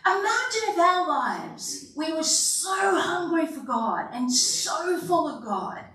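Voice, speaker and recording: A woman pastor delivering an animated sermon, acting out quotes with sighs and laughs. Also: extremely high pitch, slow, few pauses. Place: church sanctuary. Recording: echoey hall, voice from far off.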